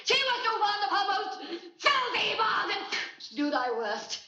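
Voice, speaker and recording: Outraged lady's maid, defiant Shakespearean delivery, very high pitch, roomy dull 1960s soundtrack. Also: big pitch swings, unhurried, creaky, pushed and bright, exaggerated voice. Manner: urgent, crying out, defiant. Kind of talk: 1960s Shakespeare film acting.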